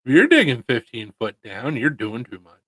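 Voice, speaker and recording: A man's voice: mid-range voice, huge pitch swings, normal speed, sharp tone, no echo, low-quality recording. A man hosting a casual livestream, chatting in a laid-back, rambling and jokey way. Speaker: livestream host. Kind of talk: casual chat.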